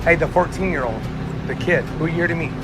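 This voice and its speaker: A man's voice: on the high side, fast, loud music behind the voice. A man outdoors beside a car, aggressively demanding answers and mocking the person he confronts. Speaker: confronter in street footage.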